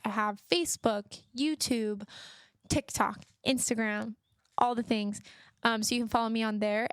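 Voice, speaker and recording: A young woman talks alone into a close mic for her podcast, earnest and encouraging, drifting through fillers as she goes. Her fairly high voice carries a steady gravelly fry, and the recording is dry with no room sound. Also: no echo. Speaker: podcast host. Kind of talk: solo podcast monologue.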